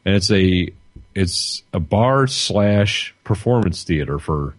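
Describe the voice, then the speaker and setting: Deep-voiced podcast man telling stories. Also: lively intonation, slow pace, dry recording. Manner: crude, storytelling banter. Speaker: podcast co-host. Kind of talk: casual chat.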